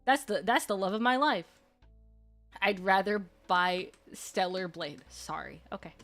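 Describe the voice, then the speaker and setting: A woman streamer chatting casually, gushing and rambling excitably. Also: medium pitch, measured pace. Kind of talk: casual live-stream chat. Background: faint background music.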